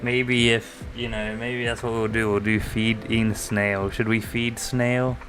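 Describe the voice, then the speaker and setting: Soft-spoken man with sore throat. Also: fairly low pitch, little pitch movement, unhurried. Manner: soft-spoken, near-ASMR quiet talk. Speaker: live streamer. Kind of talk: casual stream chat. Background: faint lo-fi music.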